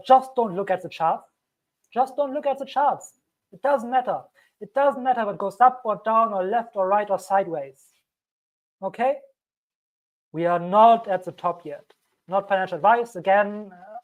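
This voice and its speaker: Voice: medium pitch, narrow, tinny audio. A crypto channel host giving emphatic solo commentary on a cheap microphone, repeating key warnings and acting out panicky investors.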